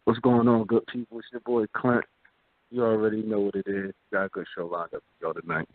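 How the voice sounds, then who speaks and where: A man's voice: fairly low pitch, flat delivery, brisk, no room sound. A man co-hosting an internet radio talk show, joking and needling the host in a laid-back way. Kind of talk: casual chat. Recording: phone-like, dry audio.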